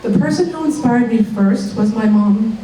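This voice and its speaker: A woman's voice: a little high, normal speed, a crowd in the background. A middle-aged woman with a cold giving a heartfelt award acceptance speech, now and then laughing off her emotion. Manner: heartfelt, breaks off to laugh and recover. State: has a cold. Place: college dining room at an evening event. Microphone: podium mic from a distance. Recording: echoey room, distant mic.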